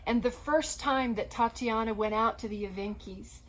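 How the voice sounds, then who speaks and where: A woman co-hosting a Christian ministry program, telling inspiring stories in an earnest, animated way. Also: fairly high pitch, normal speed, low-quality recording. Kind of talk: storytelling conversation.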